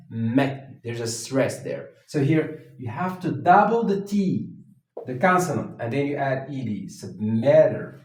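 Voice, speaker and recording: A man teaching an English grammar lesson at a whiteboard, talking slowly and haltingly, with many fillers and restarts. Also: medium pitch, darkish tone, recorded from a distance. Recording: echoey room, voice from off the mic.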